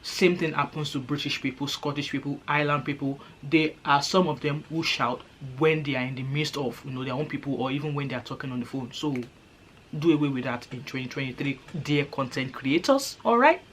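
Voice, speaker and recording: A woman's voice: deep voice, a little fast, slight background noise. A woman from Nigeria with a Nigerian accent, talking to camera in an emphatic, indignant opinion rant as a vlogger. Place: living in Britain for years.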